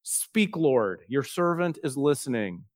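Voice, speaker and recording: A man voicing an old priest who quietly sends a boy back to sleep and then calmly instructs him. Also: medium pitch, slow, no echo, studio quality. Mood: soothing. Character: old priest Eli, calm and tired.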